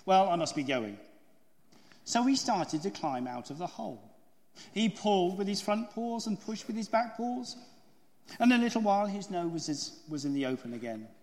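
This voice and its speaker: A man preaching a sermon in a high, very animated voice, telling stories and asking rhetorical questions. The sound carries a long reverb from a large hall. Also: moderate pace. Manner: storytelling, asks the congregation rhetorical questions. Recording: echoey hall.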